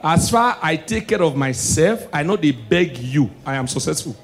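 Doing a stand-up set in a Nigerian Pidgin accent, this man speaks at normal speed and stays animated. He swings between low, preachy asides and loud, shouted punchlines.

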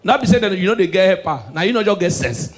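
A young man with a Nigerian accent doing live stand-up comedy, excitable and shouting his punchlines. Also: high voice, quick pace.

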